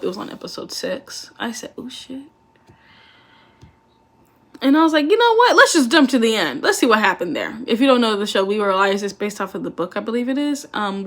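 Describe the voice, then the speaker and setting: A woman's voice: mid-range voice, a bit bright. A young woman vlogger in casual chat, swearing freely and laughing often as she talks.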